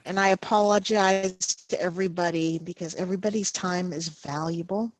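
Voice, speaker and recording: A woman presenting a live safety training webinar over a video call, slow and halting, often pausing to check in with "okay". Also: on the low side, steady tone, no room sound. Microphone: computer mic over video call.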